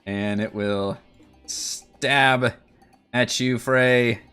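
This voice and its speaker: Relaxed man narrating as dungeon master. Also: mid-range voice, drawn-out words, clean tone, soft background music. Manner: relaxed, with many fillers. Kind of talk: narrating an online tabletop game.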